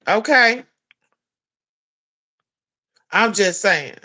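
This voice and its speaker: A woman's voice: mid-range voice, expressive, extremely slow, pushed and bright. A woman giving a heated, profane commentary rant, blunt and scolding. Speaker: commentary vlogger.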